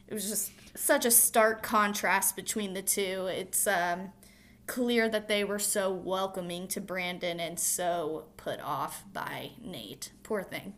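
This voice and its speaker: A woman's voice: medium pitch, steady tone, unhurried, a bit bright. A young woman co-hosting a podcast, chatting casually and filling her talk with "like". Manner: chatty, lots of "like" fillers. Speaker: podcast co-host. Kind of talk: casual recap chat.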